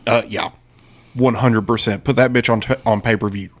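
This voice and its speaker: A man's voice: lowish voice, fairly even intonation, normal speed. A man co-hosting a casual political livestream, talking in a brash, profane, joking way. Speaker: podcast co-host.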